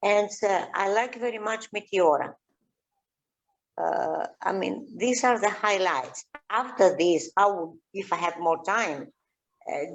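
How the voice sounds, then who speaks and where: A Greek woman with a Greek accent, an archaeologist chatting in an interview, halting with many fillers and restarts. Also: low voice, creaky, highs cut off. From Greece. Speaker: archaeologist guest. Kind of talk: casual interview chat.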